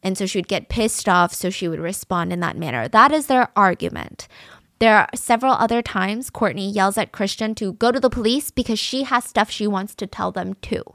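A woman recounting a true-crime case in a loose, chatty way, with "so" and "like" sprinkled through her talk. She weighs in with her own opinions as she goes. Her voice sits at a middle pitch, and the recording is close and dry with no room sound. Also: normal speed, a bit bright, dry recording. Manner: conversational, opinionated, uses fillers like "so" and "like". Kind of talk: casual true-crime narration.

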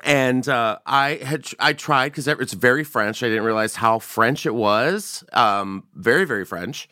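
A man's voice: medium pitch, a little slow, no echo, clean studio sound. A man hosting a casual comedic podcast chat, telling stories and acting out the people in them. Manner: animated storyteller, acts out quoted people. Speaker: podcast host.

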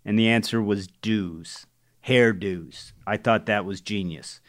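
A man's voice: on the low side, slow pace, no echo, studio quality. A man co-hosting a casual podcast chat about crossword puzzles, telling anecdotes and laughing often. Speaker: podcast co-host.

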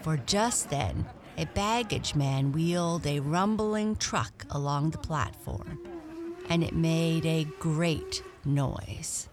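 A woman reading a children's storybook aloud in a gentle, expressive way. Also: sits low, slow, noisy background.

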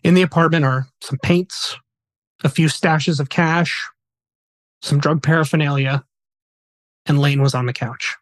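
Higher-voiced man telling a true story. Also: steady tone, measured pace, pauses often, no room sound. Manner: earnest, conversational storytelling. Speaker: podcast host. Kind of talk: casual true-story retelling.

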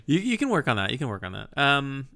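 A man's voice: medium pitch, huge pitch swings, fast talker, gravelly, a crowd in the background. A man co-hosting a casual podcast chat, teasing his partner with dry humor. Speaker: podcast co-host.

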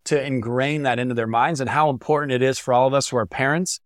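A man's voice: mid-range voice, steady tone, quick pace, no echo, studio quality. A man speaking as a guest on a podcast, earnest and reflective, sharing heartfelt thoughts. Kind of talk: reflective interview chat.

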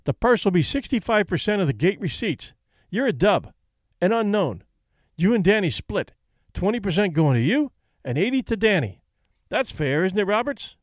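A man's voice: high voice, very animated, normal speed, dry recording, clean studio sound, voice pushed up. A man reading an audiobook, voicing a pushy male fight promoter with an urgent, coaxing manner. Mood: explaining.

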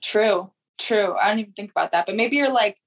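A woman chatting casually as a podcast guest, easygoing and quick to laugh, with plenty of "like". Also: medium pitch. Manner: easygoing, laughs often, lots of "like".

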